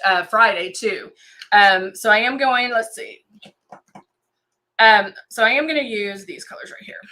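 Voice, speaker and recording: Woman, bright tone, a bit high-pitched, chatty makeup live stream, lots of ums, greets viewers. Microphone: desk camera and monitor setup.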